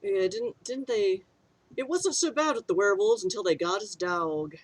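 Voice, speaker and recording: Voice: mid-range voice, normal speed, no echo. A game master hosting a streamed tabletop game, chatty and a bit scattered. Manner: chatty, scattered, laughing asides.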